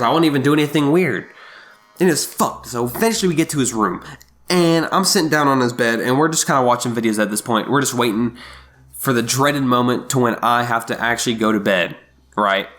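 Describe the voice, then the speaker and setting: A man's voice: mid-range voice, bright, forceful tone. A young man casually telling a rambling, profanity-heavy story, with faint music behind him.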